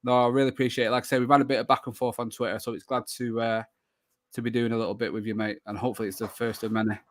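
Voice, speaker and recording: A man's voice: mid-range voice, level tone, very fast, a little hiss or hum. A man hosting a live football shirt show, chatting casually with many fillers and restarts. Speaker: podcast host.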